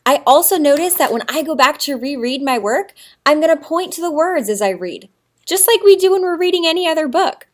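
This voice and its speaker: A woman's voice: high-pitched, lively intonation, a little fast. A woman teacher giving a recorded writing lesson to young children, in an exaggerated, encouraging sing-song manner.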